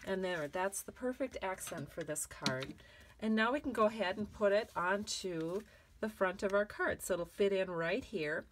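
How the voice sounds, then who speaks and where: Woman craft demonstrator, friendly step-by-step tutorial voice, mid-range pitch, faint noise behind. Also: moderate pace. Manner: chatty and encouraging.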